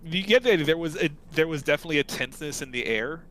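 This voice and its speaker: A man's voice: fairly high pitch, expressive, racing, fairly bright tone, slight background noise, rough recording. A man narrating as game master in a tabletop game, in a loose, casual way.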